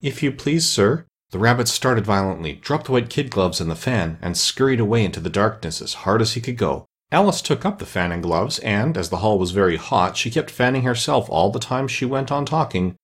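A man narrating a storybook as an audiobook, reading with expressive storytelling. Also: on the low side, a little fast, few pauses, slightly rough.

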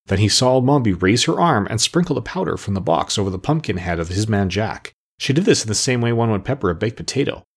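A man narrating a storybook aloud in an expressive storytelling manner. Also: fairly low pitch, creaky, breathy edge. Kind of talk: audiobook narration.

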